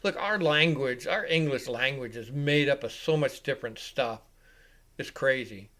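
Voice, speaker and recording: Hosting a live reaction broadcast, this man gives relaxed play-by-play, wandering into tangents and cursing without restraint. His moderate pace gives way to rising, louder calls whenever a play happens.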